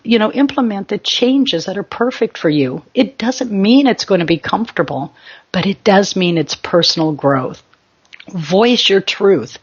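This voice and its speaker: A woman's voice: mid-range voice, slightly rough, dull audio. A woman spiritual teacher giving an emphatic motivational talk in short, exhorting commands.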